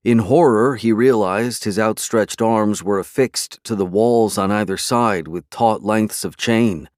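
An audiobook narrator, a man with a lower voice, reads a scripted story in a measured, dramatic manner. The sound is dry and close, without room sound or echo.

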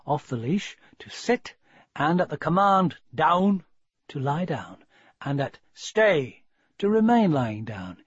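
A man narrating a children's story in an expressive, measured way, on a dull, dry lo-fi recording. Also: a little high, breathy edge, dry recording.

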